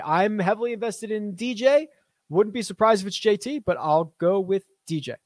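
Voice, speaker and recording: A young man hosting a casual live stream, reading viewer questions and chatting with quick asides. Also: high-pitched, no room sound, studio quality. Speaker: host of a fantasy golf stream.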